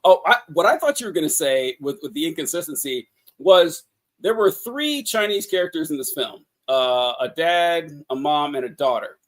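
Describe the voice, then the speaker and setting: A man's voice: a little high, very animated, normal speed. A man co-hosting a casual film discussion podcast, loose and profane, reading quotes aloud from time to time. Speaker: podcast co-host. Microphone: podcast mic, streamed call.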